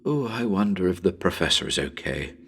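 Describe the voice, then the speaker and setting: A man narrating a haunted house horror story as a dramatic performance, talking chattily to listeners with sudden shouted calls. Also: deep voice, lively intonation, fairly quick, vocal fry, a little hiss or hum.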